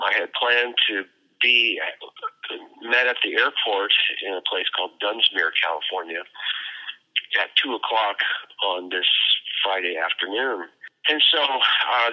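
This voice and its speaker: A man telling a personal story in an earnest, halting way, with restarts. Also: fairly low pitch. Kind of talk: personal anecdote, told conversationally. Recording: dull lo-fi audio.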